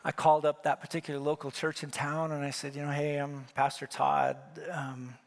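A man's voice: on the high side, completely flat delivery, moderate pace, gravelly. A middle-aged male pastor from Wyoming preaching a sermon, telling a story and acting out the dialogue with rising emphasis.

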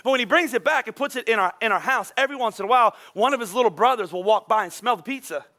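A man's voice: extremely high pitch, rapid-fire. A man in his forties preaching a sermon to his congregation, throwing questions at them and acting out children's outbursts. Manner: animated, acts out kids' outbursts; talks to the congregation, asks questions. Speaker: pastor.

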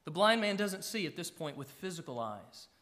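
A middle-aged pastor, preaching a sermon, with emphatic rises and soft drops. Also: male voice, on the high side, big pitch swings, moderate pace.

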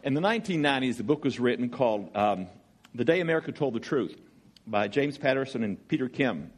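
A man's voice: mid-range voice, expressive, brisk. A man with a Southern accent from Georgia, preaching as a guest speaker in a chatty, joking, storytelling way. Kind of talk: sermon with jokes.

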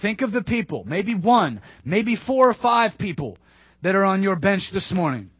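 A male pastor preaching a sermon emphatically, repeating key phrases and dropping to hushed asides. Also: high voice, very animated, normal speed, slightly rough, no echo. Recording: dull dry lo-fi sermon recording.

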